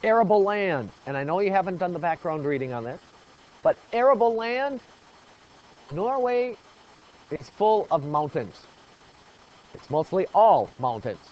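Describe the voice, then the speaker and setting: A man's voice: sits high, very animated, measured pace, long pauses, highs cut off. A man teaching a geography lesson in a classroom, quizzing the students with call-and-response questions. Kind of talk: classroom lecture.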